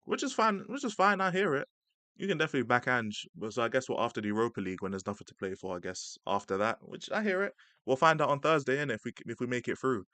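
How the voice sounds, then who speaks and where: Young bloke hosting a stream, relaxed slangy chat, dry close sound, average pitch. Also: male voice, fast, no room sound. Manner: laid-back slang-heavy chat, laughing often. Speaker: stream host reacting to a clip. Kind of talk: casual live-stream reaction.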